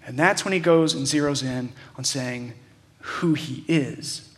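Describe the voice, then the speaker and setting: A man's voice: mid-range voice, a little slow. A man preaching a sermon, talking through a Bible passage in a conversational way with frequent fillers and restarts. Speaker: pastor.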